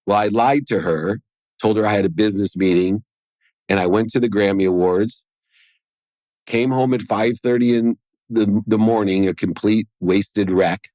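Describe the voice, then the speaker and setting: Low-voiced man telling a personal story. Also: normal speed, a little mellow, dry recording. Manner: earnest, acts out quoted dialogue in his story. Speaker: podcast guest.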